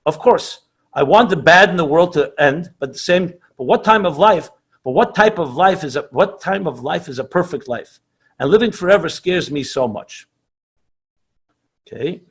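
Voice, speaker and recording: Speaking at a moderate pace in a slightly high, slightly rough and animated voice, this middle-aged rabbi answers teens' questions during an online lesson. His delivery is emphatic and full of passion, with repetition and Hebrew and Yiddish words mixed in.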